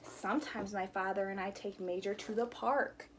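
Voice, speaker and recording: A woman's voice: mid-range voice, fairly even intonation, normal speed, slight background noise. A woman teacher reading a picture book aloud to children, acting out the sound words playfully. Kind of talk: storybook read-aloud with sound effects.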